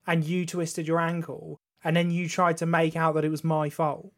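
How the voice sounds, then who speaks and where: A man's voice: fairly high pitch, little pitch movement, normal speed. A young man, a podcast co-host, telling a story in casual chat and swearing freely.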